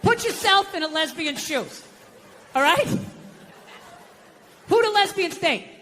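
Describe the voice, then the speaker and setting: A US stand-up comedian delivers his set slowly but animatedly, loud, ranting, and profane, shifting between shouting and low muttering. There is slight background noise.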